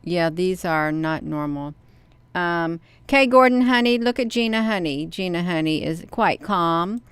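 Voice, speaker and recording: A woman hosts a casual live stream, talking straight to her viewers in an expressive, excitable way. Her voice sits a little low and sounds smooth and clear. The recording is close and dry. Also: a little slow, dry recording. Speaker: channel host reading live chat.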